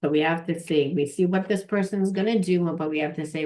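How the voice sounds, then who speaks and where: Woman, low-pitched, tarot reader, rambling casual delivery, repeats words. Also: steady tone, normal speed, darkish tone. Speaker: tarot reader and trauma coach.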